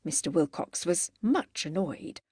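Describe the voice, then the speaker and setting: A woman narrating a classic novel as an audiobook in a measured, expressive way. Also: fairly low pitch, slightly rough, no echo, clean studio sound. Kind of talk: scripted narration.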